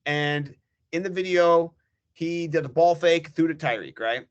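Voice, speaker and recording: A middle-aged man, a fantasy football guest on a podcast, ranting in animated, profane casual chat. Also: on the high side, unhurried, highs cut off.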